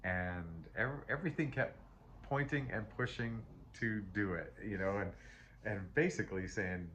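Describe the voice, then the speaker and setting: Man, lowish voice, casual tarot reading, rambling, self-interrupting, chatty, emotional. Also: animated, measured pace, fairly bright tone, a little hiss or hum. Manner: chatty and emotional, laughs often. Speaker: tarot reader.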